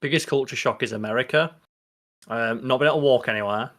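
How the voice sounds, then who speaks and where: A man's voice: medium pitch, quick pace, fairly bright tone. A man co-hosting a podcast, joking dryly in casual chat. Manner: dry, joking. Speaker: podcast co-host.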